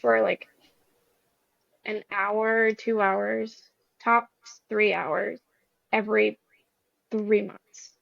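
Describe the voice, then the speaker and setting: Gravelly young woman telling her story. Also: mid-range voice, fairly even intonation, drawn-out words, long pauses, dry recording. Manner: earnest, rambling, loose. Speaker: guest. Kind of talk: personal story in a conversation. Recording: slightly dull recording.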